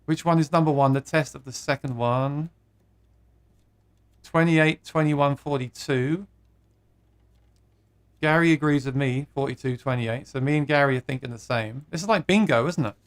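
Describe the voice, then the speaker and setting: A man's voice: mid-range voice, moderate pace, long pauses. A man hosting a live guitar stream, chatting casually, reading viewer comments aloud and laughing at his own jokes.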